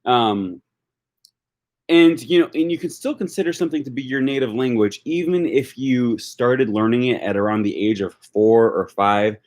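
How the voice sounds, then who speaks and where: A man's voice: fairly low pitch, a little mellow. A man hosting a casual livestream about language learning, thinking aloud with many ums and answering viewer comments. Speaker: language-learning YouTuber hosting a live discussion.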